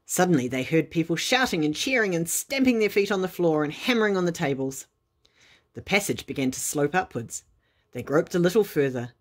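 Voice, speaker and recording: Woman storyteller, bedtime story narration, lively animated delivery, slightly husky, fairly low. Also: a little fast.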